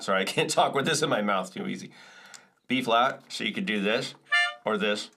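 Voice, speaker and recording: A man's voice: lowish voice, normal speed, creaky, over loud music. A man teaching percussion and chords in a casual, self-correcting way, explaining step by step. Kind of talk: relaxed music lesson walkthrough.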